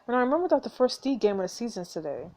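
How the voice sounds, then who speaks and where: A calm, soft-spoken young man from a story game who loves yoga, as a woman reads him aloud. He is polite and sincere, in a fairly high voice that moves up and down freely. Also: racing. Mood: gentle.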